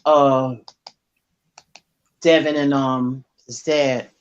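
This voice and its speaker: An American woman joins a casual live-stream chat over a dull, lo-fi call line. Her voice is very low and slow, and she hesitates often with fillers. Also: little pitch movement. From United States.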